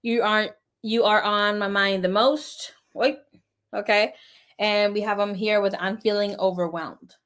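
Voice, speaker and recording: A woman's voice: medium pitch, fairly even intonation, a little slow, fairly bright tone. A woman giving a casual live tarot reading, chatty and rambling with fillers. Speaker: tarot reader.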